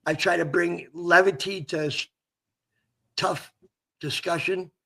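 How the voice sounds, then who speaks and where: Gravelly raspy high-voiced man host. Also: steady tone. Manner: halting, warm-hearted, swears casually. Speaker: podcast host, former corpsman. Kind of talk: casual interview chat.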